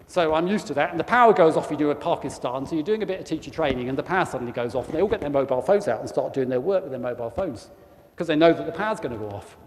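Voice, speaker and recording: A man with a South East English accent speaks very fast in a somewhat high voice with lively intonation, giving an informal guest talk to a church congregation. He is chatty and keeps tossing tag questions at the room. Long church reverb and faint noise color the recording.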